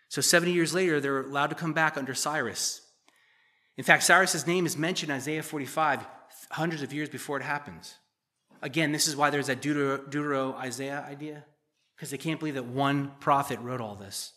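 Bright-voiced man preaching conversationally. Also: a little high, a little fast. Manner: conversational teaching, frequent "okay?" check-ins. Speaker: pastor. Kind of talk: sermon.

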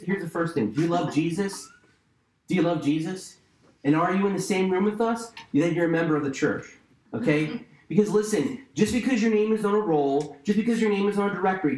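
A man pastor delivers an emphatic sermon in a fairly high voice, circling back to his key phrases and throwing in casual asides to the congregation. The sound carries a roomy echo around him. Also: darkish tone.

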